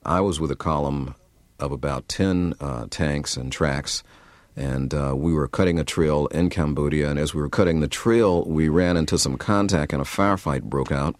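A man, a drafted army veteran, recounting his combat with hesitant pauses. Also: extremely low pitch, dry recording. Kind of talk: interview testimony.

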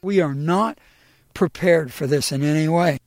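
A middle-aged man telling his own personal story in a halting, emotional way, with many pauses and fillers. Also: on the high side.

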